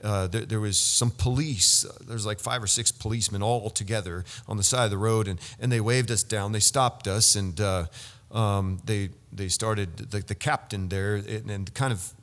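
A man's voice: on the low side, fairly even intonation, normal speed, a bit bright. A man preaching a sermon, telling a story with many stammered restarts. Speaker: pastor. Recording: long hall reverb.

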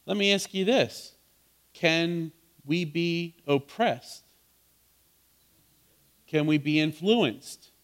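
A man's voice: a little high, very slow, long pauses. A man pastor preaching a sermon, earnest, repeating words and asking his listeners questions.

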